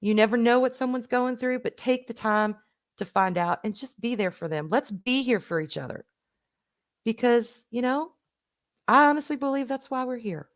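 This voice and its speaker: This middle-aged Southern woman, with her Southern accent, keeps things warm and casual with her stream viewers, laughing often and swearing from time to time. Her voice is a little high and animated, at a moderate pace.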